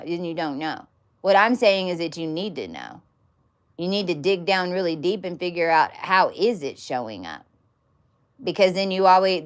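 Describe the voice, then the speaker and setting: Woman, low-ish voice, casual teaching monologue, blunt, profane, emphatic, repeats words. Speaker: spiritual teacher.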